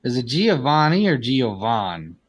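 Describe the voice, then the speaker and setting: A man's voice: mid-range voice, big pitch swings, measured pace, breathy edge, low-quality recording. A man co-hosting a live internet radio stream, laid-back, with dry remarks. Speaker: co-host. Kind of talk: casual live-stream chat.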